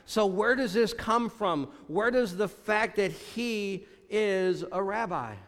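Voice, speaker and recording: A man preaching a sermon as pastor, often dropping low and quiet to stress a point. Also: slow pace, long reverb tail.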